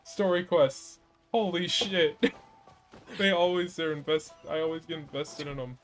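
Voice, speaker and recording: Woman streamer, casual gameplay commentary, slow, laughs and swears easily. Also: deep voice, fairly even intonation, faint music behind. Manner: emotional, giggly and swearing.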